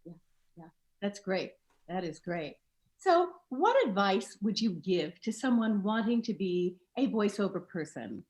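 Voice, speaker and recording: A woman's voice: medium pitch, sing-song, measured pace, darkish tone. A woman hosting an interview show, asking her guest for advice with short encouraging responses. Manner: encouraging, frequent short affirmations. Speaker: show host. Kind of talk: interview host.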